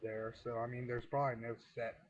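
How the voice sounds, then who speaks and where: A man's voice: medium pitch, flat delivery, fairly quick, highs cut off, background noise. A man chatting casually, swearing freely. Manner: casual, profane. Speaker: chat participant. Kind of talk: casual group chat.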